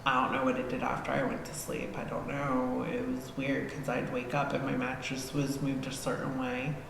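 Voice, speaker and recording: A woman guest on a podcast telling a story casually, animated and swearing freely as she acts out scenes. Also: rumbling low, moderate pace, creaky. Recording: echoey hall-like room with faint noise.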